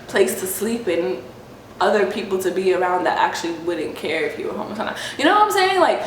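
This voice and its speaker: A young woman vlogger telling a story casually, animated, swearing often and acting out the voices of the people in it. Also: medium pitch, fast talker. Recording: echoey room with faint hiss.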